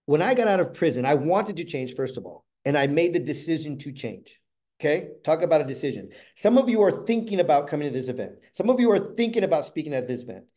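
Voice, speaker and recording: A middle-aged man telling a motivational story from the stage. His voice sits a little high for a man, yet sounds mellow and warm. He swings between loud, animated bursts and quiet, hushed asides. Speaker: motivational speaker.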